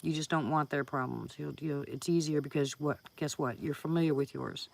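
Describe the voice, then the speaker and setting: A woman's voice: sits low, steady tone, brisk, gravelly. Chatty woman hosting a live chat. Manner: chatty, laughs often, greets viewers by name. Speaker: live stream host. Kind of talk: casual live chat with viewers.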